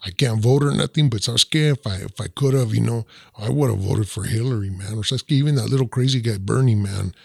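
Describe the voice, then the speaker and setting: A streetwise man rants loosely and slangily, scattering words through his talk. His lowish voice is deeply gravelly and husky. The sound is close and dry. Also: fast talker, few pauses, no echo. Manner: streetwise, drawling, peppers talk with 'man' and 'you know'. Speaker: podcast guest. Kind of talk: casual ranting chat.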